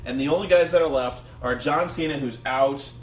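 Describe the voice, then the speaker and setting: A man's voice: mid-range voice, a little fast. A man co-hosting a review show in casual chat, rambling and swearing a lot. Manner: rambling and profane, lots of fillers. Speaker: co-host of a wrestling review show. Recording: echoey room, distant mic, faint hum.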